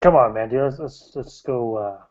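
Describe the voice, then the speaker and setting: A man's voice: mid-range voice, normal speed, natural voice. A man voicing a tall, territorial young man who answers in curt, sarcastic bits, on a muffled lo-fi recording. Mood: impatient.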